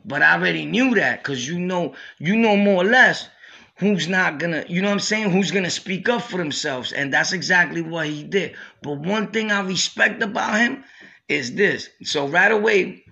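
A gravelly, sharp-edged male voice with a New York accent, pitched a little high for a man. He tells stories on his podcast in loose streetwise slang and keeps throwing in "you know what I'm saying". The recording is a bit lo-fi. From Brooklyn, New York. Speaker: podcast host. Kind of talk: storytelling.

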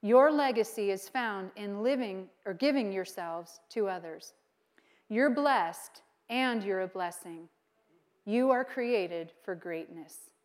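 With a mid-range voice and a slow pace, a middle-aged woman pastor shares a personal story in her sermon, animating the quotes and laughing frequently.

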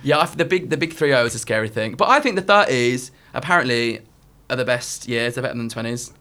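A man's voice: medium pitch, fast, sharp tone. A man in his twenties hosting a podcast in casual chat, reading out listener dilemmas and teasing with frequent laughs. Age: 20s. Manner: giggly, playful, teasing. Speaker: podcast host.

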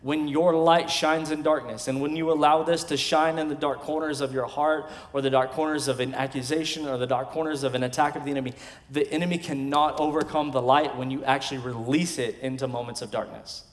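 A man in his thirties, a pastor, preaching a sermon in emphatic bursts with quiet asides between. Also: on the high side, fairly even intonation, brisk, hardly any pauses. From West Texas. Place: large church sanctuary. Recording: long hall reverb from a church sanctuary.

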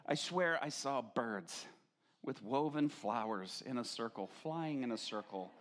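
A man preaching, telling a personal testimony in a lively storytelling manner, laughing often and acting out the voices of others. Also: mid-range voice, a little slow, slight background noise. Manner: animated, laughing, acts out quoted voices. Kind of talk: storytelling sermon.

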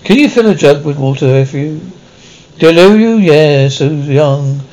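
An actress playing a shy, gentle young gentlewoman of the 1830s in a period drama, talking in a hesitant, apologetic way. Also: sits low, expressive, a little slow, poor audio. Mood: earnest.

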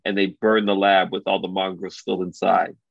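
A man casually retelling a story as a podcast co-host, animated and loose, full of filler words. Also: low voice, normal speed, vocal fry, no room sound. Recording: dull lo-fi dry recording.

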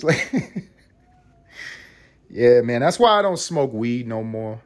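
Talking briskly on his own podcast, a young man from the United States spins a story in a relaxed, solo style. His delivery is lively, rising and falling sharply in both pitch and volume.

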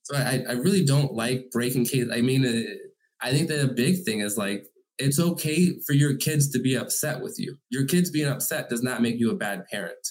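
A man's voice: mid-range voice, normal speed, a little mellow. A man who coaches single parents speaks earnestly and emphatically as a guest in a conversational interview.

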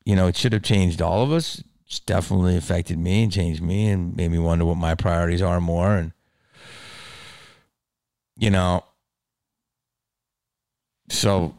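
A man hosting his own podcast, rambling in a casual, profane monologue that swings from mumbles to loud outbursts. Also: low-pitched, fairly even intonation, measured pace, long pauses, no room sound, clean studio sound. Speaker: podcast host.

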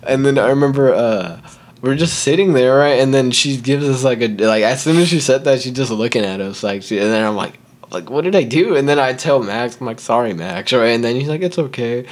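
A young man, a podcast guest, telling a school story in a casual, animated way, acting out the people in it and laughing often. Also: mid-range voice, fairly quick. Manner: animated, acts out quotes, laughs often, says "like" and "right?".

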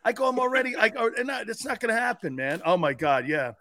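A lively man on a sports talk show who tells stories with a lot of spirit and acts out the lines of the people in them. His voice sits high and bright, jumps all over the place, and sounds close and dry with no room around it. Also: fast talker, dry recording. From Italian-American family. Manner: animated storyteller, acts out quotes, laughs often. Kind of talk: casual sports talk storytelling.

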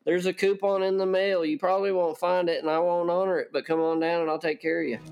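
A man voicing a folksy country car-repair pitchman in a mock radio ad, with a gravelly voice. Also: little pitch movement, quick pace, lo-fi sound. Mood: hard-selling. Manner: hammy down-home salesman patter.

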